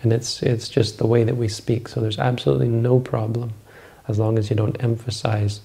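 A man teaching meditation, answering questions in a calm, measured, explanatory way. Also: medium pitch, gravelly, slightly rough.

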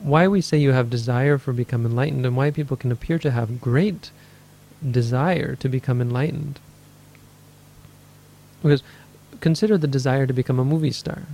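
In a dharma talk answering questions, a male meditation teacher thinks aloud, correcting himself and acting out people's inner voices. His mid-range voice is creaky and mellow, moving at a moderate pace.

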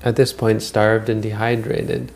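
A man's voice: on the low side, flat delivery, a little slow, creaky. A man giving a Buddhist dharma talk, retelling old stories in a rambling, conversational way with frequent restarts. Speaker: Buddhist teacher.

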